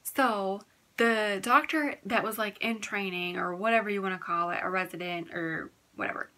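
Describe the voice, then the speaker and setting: A young woman recounts a personal story for her vlog in a loose, candid ramble, peppering her speech with "like". Her voice is bright and forward, sitting at an ordinary middle pitch. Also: moderate pace. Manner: chatty, candid, fills talk with "like". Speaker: vlogger.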